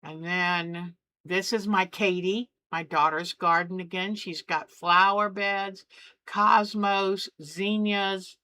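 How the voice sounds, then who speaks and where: A woman's voice: mid-range voice, steady tone, takes it slowly, sharp tone, dry recording. A middle-aged woman hosting a quilting channel, chatting and gushing as she shows family photos. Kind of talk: casual chat while showing photos.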